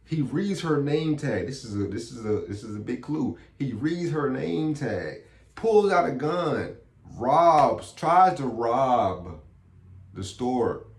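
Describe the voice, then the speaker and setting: A man recapping a movie plot in a casual, slangy, animated way. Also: medium pitch, slow, creaky. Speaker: movie reviewer. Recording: echoey room.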